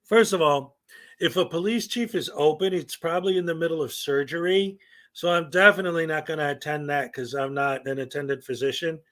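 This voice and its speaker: A man's voice: a little high, fairly quick, a bit bright. A man hosting a casual livestream, talking to chat with sarcastic, joking asides. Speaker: channel host.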